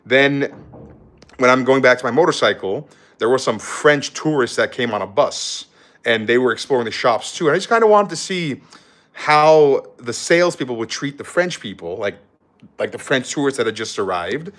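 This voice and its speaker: A man's voice: medium pitch, expressive, moderate pace, a bit bright. Young guy rambling travel story. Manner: rambling, many fillers, quotes people in voices. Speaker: travel vlogger. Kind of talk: casual storytelling. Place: hotel room.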